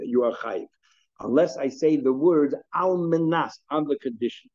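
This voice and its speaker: A man's voice: medium pitch, lo-fi sound. A man teaching a daily Talmud class in a conversational way, thinking aloud with frequent restarts and mixing Hebrew and Aramaic terms into his English.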